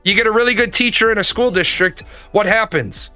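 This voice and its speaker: A man's voice: sits high, fairly quick, sharp tone, faint music behind. A man ranting in a casual, profane way, hammering his points home through repetition. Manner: emphatic, profane, repeats points for emphasis. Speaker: commentator.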